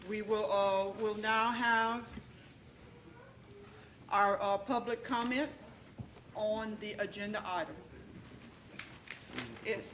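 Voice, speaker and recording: A woman's voice: medium pitch, background noise. A woman chairing a school board meeting, formal and procedural, with hesitant fillers as she reads the rules.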